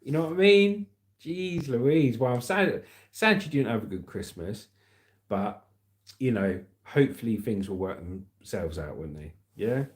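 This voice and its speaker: A British livestream host chats casually and reads out viewer comments, upbeat and calling people "mate" and "legend." His pitch is fairly low, with big swings, and he takes his time.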